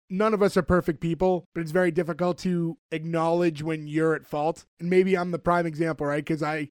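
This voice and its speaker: A man's voice: fairly high pitch, dry recording. A man, chatting casually as a podcast co-host. He rambles through his recap with plenty of fillers. The recording is close and dry, with no room sound. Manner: animated storyteller, rambling with fillers. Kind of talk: casual chat.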